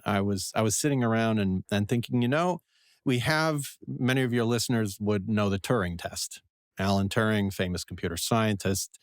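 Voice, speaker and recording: Man, investor and professor, interview guest, rambling, self-mocking, low voice, dry close sound. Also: no echo. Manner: rambling, digressive and self-deprecating. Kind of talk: conversational interview answers.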